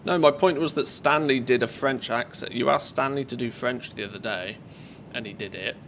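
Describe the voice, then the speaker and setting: A male game streamer talks casually to his viewers while playing, thinking aloud as he works things out. His mid-range voice has a gravelly, fry-tinged texture. A faint hiss sits underneath. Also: medium pitch, moderate pace, a bit bright.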